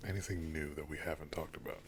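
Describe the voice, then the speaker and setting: A man's voice: rumbling low, fast talker, a little hiss or hum. A man co-hosting a casual podcast who laughs easily and keeps the chat going with follow-up questions. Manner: relaxed, laughs often, asks follow-up questions. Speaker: podcast co-host.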